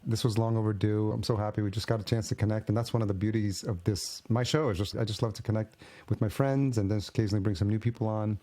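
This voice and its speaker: Low, mellow-voiced male podcast host. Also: steady tone, quick pace, few pauses. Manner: warm, rambling, appreciative questions. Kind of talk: casual interview.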